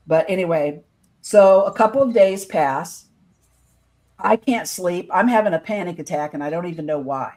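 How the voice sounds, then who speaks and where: Woman telling a story in earnest. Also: on the low side. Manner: earnest, quotes others in lively voices. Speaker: guest telling her own experience. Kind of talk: casual storytelling on a video podcast.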